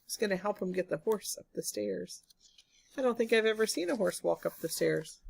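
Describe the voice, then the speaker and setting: A woman reading a picture book aloud to children, pausing to ask them questions. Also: medium pitch, vocal fry, breathy edge. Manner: asks the listening children questions. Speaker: storybook reader. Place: home, during lockdown.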